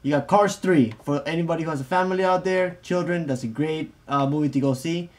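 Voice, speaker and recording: A man's voice: fairly high pitch, a little fast, darkish tone. A man co-hosting a podcast in casual, loose and joking chat. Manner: loose and joking, with fillers and laughs. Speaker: podcast co-host.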